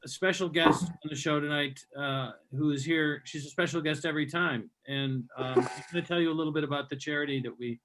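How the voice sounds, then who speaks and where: A man's voice: on the high side, fairly even intonation, brisk, hardly any pauses, background noise. A man hosting a comedy show, bantering loosely, laughing often and introducing a guest. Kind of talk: casual emcee banter.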